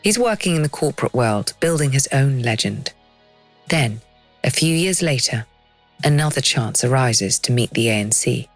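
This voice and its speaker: A woman giving scripted documentary narration in a measured, dramatic storytelling manner. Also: a bass voice, animated, dry recording, soft background music.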